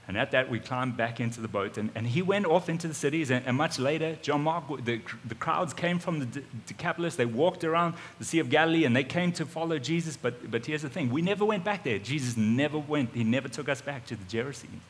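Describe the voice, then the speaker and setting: Animated South African preacher man. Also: medium pitch, fast talker, few pauses, in a large hall, slight background noise. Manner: animated, conversational, repeats his starting words. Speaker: pastor. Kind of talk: first-person storytelling sermon.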